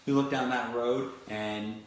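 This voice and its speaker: A man's voice: mid-range voice, steady tone, unhurried. A man from Florida giving a motivational talk, telling stories animatedly with many restarts. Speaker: motivational speaker. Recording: very echoey room.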